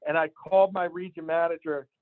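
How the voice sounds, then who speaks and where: A man, a sales division manager, telling an emphatic, animated motivational story to his team. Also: on the high side, a little fast, no room sound. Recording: tinny phone-line sound, dry.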